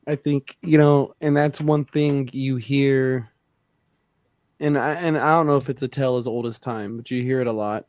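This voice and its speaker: Male co-host, measured and reflective, mid-pitched, dry studio sound. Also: steady tone, darkish tone, no echo. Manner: slow, thoughtful, reflective musing. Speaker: podcast co-host. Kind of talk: casual chat.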